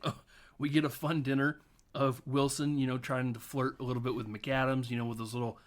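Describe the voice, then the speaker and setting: A podcast host loosely retells a comedy film in a casual recap chat, swearing, laughing often and acting out quotes. His voice is mid-range with little pitch movement, and he talks fairly quickly.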